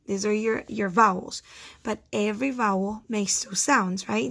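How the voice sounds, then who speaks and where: Woman, first grade teacher, recorded phonics lesson, unhurried, patient, repeats words. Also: mid-range voice, creaky, breathy edge. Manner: slow, patient, repeats words to sound out syllables.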